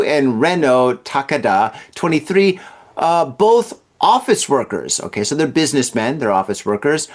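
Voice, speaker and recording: Male podcast host with a slightly high voice who reads odd news and cracks jokes between stories. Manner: reads headlines then riffs with laughing asides. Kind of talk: jokey news commentary podcast.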